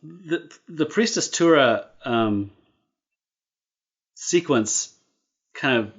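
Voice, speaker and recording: A man hosting a casual movie podcast, easygoing and quick to laugh. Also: mid-range voice, animated.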